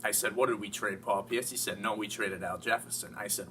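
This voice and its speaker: A man from Massachusetts talking as an interviewed sports fan, rambling, profane and excitable. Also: lowish voice, brisk, hardly any pauses, a little hiss or hum. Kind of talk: casual mock interview. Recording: distant mic with faint ambience.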